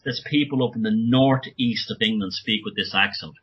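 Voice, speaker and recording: A man talking as a guest author on a podcast interview, speaking urgently in rapid bursts with many restarts. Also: lowish voice, slightly rough, muffled recording.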